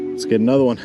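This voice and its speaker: A man fishing from a small boat out in the marsh, speaking slowly, with a pitch that leaps and dips as he cheers each catch and soothes the fish. His voice sits in a middle register, and music plays underneath. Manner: excited exclamations, talks gently to the fish. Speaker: fishing vlogger. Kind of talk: casual commentary while fishing. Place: small boat in tidal marsh creeks, outdoors.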